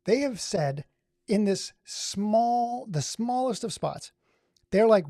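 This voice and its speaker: A man's voice: high voice, expressive, slow pace, vocal fry, warm tone, no echo, clean studio sound. A man streaming, reading text aloud and riffing on it with sarcastic asides in casual livestream commentary. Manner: sarcastic, reads aloud and riffs.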